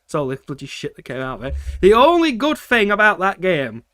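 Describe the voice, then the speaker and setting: Man, game streamer, casual rant, lots of swearing, slightly high voice, dry sound. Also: wildly swooping pitch, a little fast, fairly bright tone, no room sound. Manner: ranting, swears often, laughs between points. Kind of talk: casual livestream chat.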